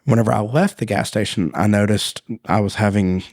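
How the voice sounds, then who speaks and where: A man with a fairly low voice tells a story on a faith podcast in a casual, animated way. He laughs often and acts out the people in his story. The sound is dry and close, with no room echo. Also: fairly quick. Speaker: podcast host.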